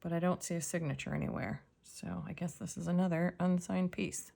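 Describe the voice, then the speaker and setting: Woman, low and gravelly; relaxed soft-spoken unboxing narration with occasional whispers. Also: a little fast. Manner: soft-spoken, drifting into whispers while examining items. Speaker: jewelry reseller.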